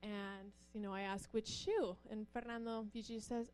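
A woman's voice: normal speed, clear, resonant tone, soft background music. A middle-aged pastor's wife telling personal stories to a church audience, acting out the voices in her stories. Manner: animated, acts out quoted voices with rising pitch.

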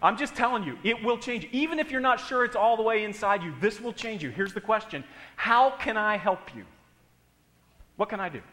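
A man's voice: sits high, animated, moderate pace, pushed and bright, big-room sound. A man preaching a sermon in a church, emphatic and speaking straight to the congregation. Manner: emphatic, addresses the congregation directly. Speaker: pastor. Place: church hall.

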